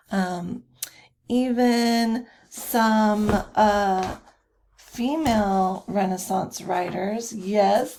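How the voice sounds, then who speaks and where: Slow, hesitant woman lecturing. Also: mid-range voice. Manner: slow, many fillers and self-corrections. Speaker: teacher. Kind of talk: recorded slide lecture.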